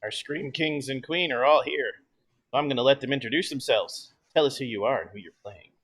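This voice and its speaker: A man hosting a tabletop horror game as its director. He opens with theatrical, spooky narration, his voice sitting in an ordinary middle pitch. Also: brisk, a bit bright, slightly rough. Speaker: game master.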